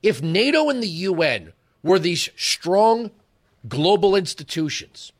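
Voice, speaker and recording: A high-pitched man in his forties hosts a political talk radio program. He delivers an emphatic, rhetorical monologue, moving back and forth between lecturing and telling stories.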